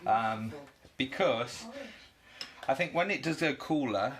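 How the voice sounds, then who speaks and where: A man's voice: mid-range voice, expressive, slow pace, a bit bright. Chatty British man hosting a cooking stream. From United Kingdom. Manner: chatty, greets viewers by name, laughs often. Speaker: cooking live-stream host. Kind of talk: casual live-stream chat.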